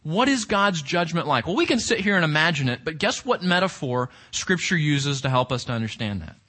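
A man's voice: on the high side, big pitch swings, brisk, bright, forceful tone. A male pastor preaching a sermon with emphasis, reading scripture aloud and asking the congregation rhetorical questions.

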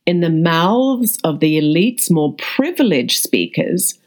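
A woman with a low, husky voice narrates a scripted audio essay. She reads at an unhurried, deliberate pace and weighs each phrase. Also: big pitch swings. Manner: measured, deliberate reading. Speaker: actor and media studies student.

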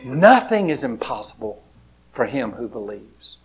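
A man preaching a storytelling sermon, swinging between loud bursts and hushed, near-whispered lines. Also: mid-range voice, very animated, a little slow, gravelly, slightly rough.

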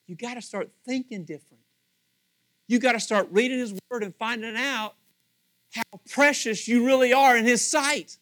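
A male pastor giving a sermon in a chatty storytelling way, acting out little scenes and swinging from loud to soft. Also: extremely high pitch, moderate pace, no room sound. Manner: conversational storytelling, acts out voices.

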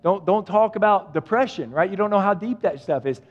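A man's voice: high voice, expressive, a little fast, highs cut off. A male pastor preaching a sermon, speaking with emphatic repetition and addressing the listeners directly. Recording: long hall reverb.

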